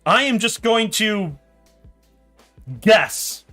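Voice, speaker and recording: A man's voice: high voice, animated, extremely slow, pushed and bright, faint music behind, voice pushed up, full character voice. A man voicing a flustered, educated male wizard trying a spell.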